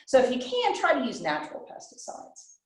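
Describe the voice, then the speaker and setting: A woman's voice: sits high, wildly swooping pitch, a little fast. A woman presents a nature lesson for children, her voice swinging up and down as she asks and answers her own questions. She is heard from a distance, and the room gives her voice a noticeable echo. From Western North Carolina. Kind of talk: teaching children. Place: library room.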